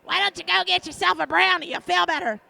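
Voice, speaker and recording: A woman imitating a brash, crude, teasing woman friend on the phone, loud and foul-mouthed. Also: extremely high pitch, quick pace, vocal fry, voice pushed up, full character voice.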